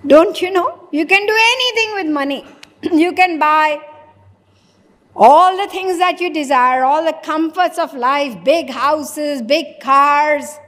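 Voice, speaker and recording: A woman's voice: high-pitched, takes it slowly, fairly bright tone. A woman giving a sermon, asking rhetorical questions and acting out imagined conversations. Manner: rhetorical, plays out imagined dialogues. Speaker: spiritual lecturer. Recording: long hall reverb.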